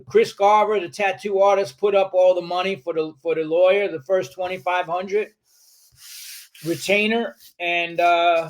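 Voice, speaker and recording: A man from New York, in his 60s, shares a story on a podcast in a relaxed interview. He sounds high-pitched for a man and talks in an animated, streetwise way, using plenty of profanity and acting out other people's dialogue.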